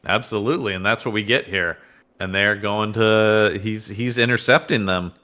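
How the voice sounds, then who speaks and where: A man's voice: lowish voice, normal speed, clear, resonant tone. A man co-hosting a podcast, joking casually about a comic book and often restarting his sentences. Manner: jokey, animated, restarts sentences. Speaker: podcast co-host.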